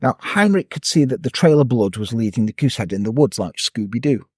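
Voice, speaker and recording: A man's voice: medium pitch, expressive, fairly quick, darkish tone, breathy edge, dry recording, studio quality. A man casually telling a true-crime story on a podcast, sweary and jokey.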